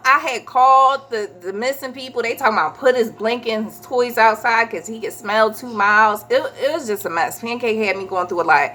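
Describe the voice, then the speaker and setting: A woman, chatting casually as a vlogger and telling a story with animated quoted voices. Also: a little high, fairly quick, few pauses.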